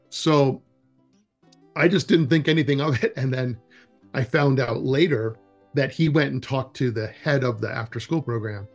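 A man with a medium-pitched voice speaks at normal speed against faint music, recounting outdoor-education anecdotes as a guest being interviewed. He directs a wilderness education program and tells his stories animatedly, voicing the dialogue while rambling and often starting over.

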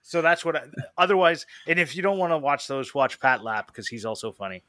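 A man's voice: on the high side, animated, a little fast, bright, forceful tone, no room sound. A man co-hosting a podcast in casual chat, rambling through recommendations with laughs. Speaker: podcast co-host.

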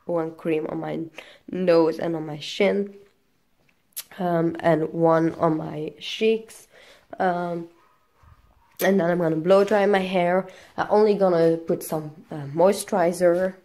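A young woman with a low voice talks to her camera in a casual vlog. Her English is halting and packed with fillers. She sounds out of breath and breaks off to cough. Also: steady tone, mellow. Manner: halting, non-native English full of fillers. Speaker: vlogger.

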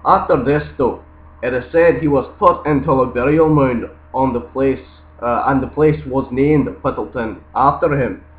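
A man with a Scottish accent reads a folktale aloud, then talks casually in a halting, hesitant way with many ums. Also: mid-range voice. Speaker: YouTuber giving accent tips. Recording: echoey, tinny lo-fi recording.

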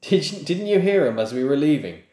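A cheeky teenage boy, gleeful and quick, as a man reading aloud puts him on. The voice is raised in pitch, with a roomy echo. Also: sing-song, mellow.

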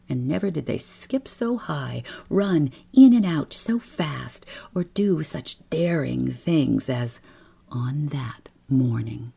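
A woman narrating a bedtime story in a soft, slow, often whispered manner, with a husky, creaky voice. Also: sits low, expressive.

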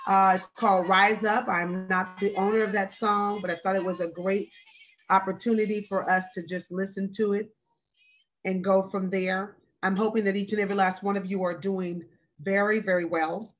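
A woman in her forties speaks over a live stream as a wellness speaker. Her voice sits at a middle pitch, and she talks slowly and deliberately, stressing and repeating her phrases for weight. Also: level tone. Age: 40s. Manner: slow, emphatic, repeats phrases. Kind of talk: earnest, deliberate talk. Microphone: video call or live stream.

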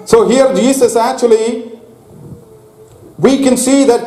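A man preaching a sermon to a congregation, slow and deliberate, stopping to ask his listeners questions. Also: very high voice, steady tone, warm tone. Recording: echoey hall.

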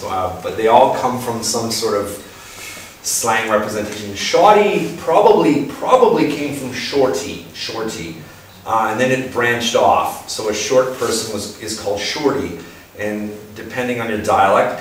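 A man's voice: on the low side, fairly even intonation, measured pace, a bit bright. Male speaker, casual lecture delivery full of ums, recorded from a distance in a very echoey hall with faint noise. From Canada. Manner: hesitant, many ums and restarts, playful asides. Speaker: guest speaker. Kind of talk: informal public talk.

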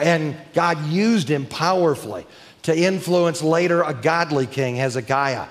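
A man preaching a sermon emphatically, building to crescendos and slowing down to stress key words. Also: a little high. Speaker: preacher and teacher. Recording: long hall reverb.

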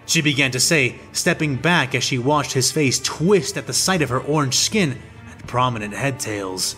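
A man narrating a fan fiction audiobook in a steady, descriptive storytelling manner. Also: medium pitch, normal speed, faint music behind.

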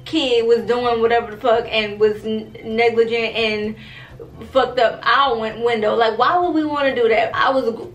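A young woman, telling a story to her viewers in an animated, profane, casual way. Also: on the high side, moderate pace, echoey room, poor audio. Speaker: storytime vlogger.

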